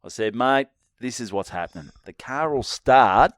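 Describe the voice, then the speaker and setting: A man's voice: medium pitch, animated, normal speed, dry recording, studio quality. Australian man telling a rambling story. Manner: rambling storyteller, swears freely. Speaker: podcast co-host. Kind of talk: casual banter.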